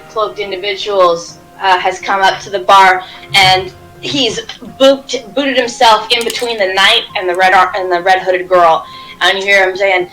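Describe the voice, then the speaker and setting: A woman narrating a tabletop game as game master, telling the scene in a lively, quick way. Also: medium pitch, low-quality recording.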